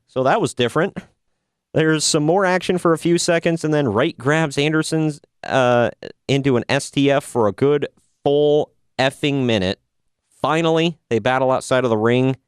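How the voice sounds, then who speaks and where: A man talks through a casual podcast recap, tossing in sarcastic jokes. His voice is smooth and resonant, and the sound is dry and close. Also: mid-range voice, no room sound. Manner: casual, jokey, sarcastic asides. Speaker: podcast host reviewing wrestling. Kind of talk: casual review chat.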